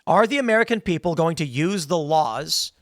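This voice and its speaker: Heated, high-pitched male political talker. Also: animated, moderate pace, no echo, studio quality. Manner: emphatic and heated, slips into mocking voices for quotes. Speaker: podcast host. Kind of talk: political commentary.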